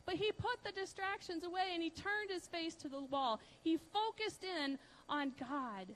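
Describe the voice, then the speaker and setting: A woman preaching a conversational sermon, asking her listeners questions and using many fillers. She swings between loud emphasis and soft, hushed lines. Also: extremely high pitch, normal speed, low-quality recording. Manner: chatty, asks the audience questions, many fillers.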